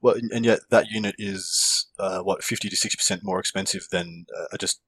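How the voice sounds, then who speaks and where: A man with an Australian accent, co-hosting a casual gaming chat, animated and jokey. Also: deep voice, slightly rough, no echo. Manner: animated, jokey, quick to laugh. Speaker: podcast co-host.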